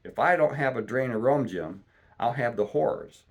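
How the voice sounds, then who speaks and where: A man voicing a sick, rum-craving old pirate captain who talks in gruff, salty seaman's slang, reading a storybook aloud. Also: medium pitch, lively intonation, moderate pace, pitched above the performer's own voice. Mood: blustering. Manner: gruff salty seaman's talk, pleading then cursing.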